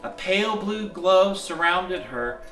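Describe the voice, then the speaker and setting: A man in the role of Santa, reading a bedtime story in a gentle, chuckling, folksy way. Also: high-pitched, lively intonation, takes it slowly. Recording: echoey room, mic at a distance, soft music.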